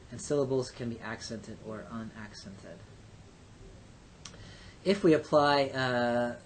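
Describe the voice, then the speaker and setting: A man's voice: medium pitch, a little hiss or hum. A man teaching a Hebrew grammar lesson, explaining step by step in a methodical way, with frequent hesitations. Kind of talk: recorded grammar lecture.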